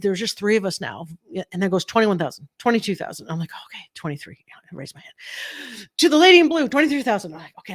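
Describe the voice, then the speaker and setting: A middle-aged woman coach telling a story to her online group, chatty and animated, acting out the voices in it with many fillers. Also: mid-range voice. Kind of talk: live-streamed storytelling to a group.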